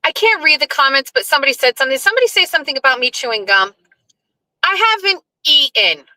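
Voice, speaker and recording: A woman's voice: high-pitched, very animated, fast talker, pushed and bright, no room sound, poor audio. A woman hosting a casual live chat from her car while she drives, chatty, scattered and blunt, sounding emotional and overwhelmed. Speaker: host. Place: car, driving.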